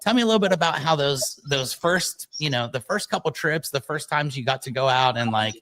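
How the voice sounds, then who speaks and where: A man's voice: a little high, animated, a little fast, fairly bright tone, dry recording. Easygoing male podcast host, dry sound. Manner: restarts questions, short encouraging replies. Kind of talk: casual interview.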